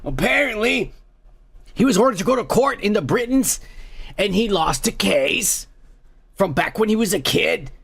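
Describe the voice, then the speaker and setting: A man's voice: high voice, expressive, moderate pace, creaky, fairly bright tone, husky. A man hosting a comedy podcast, ranting crudely about the news and raising toasts while drinking. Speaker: podcast host. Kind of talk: profane comedic news rant.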